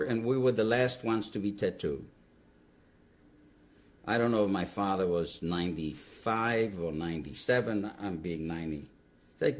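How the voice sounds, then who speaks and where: An older man telling his story in an interview, animated and halting, with restarts mid-sentence. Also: lowish voice. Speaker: Holocaust survivor giving testimony. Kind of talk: interview testimony.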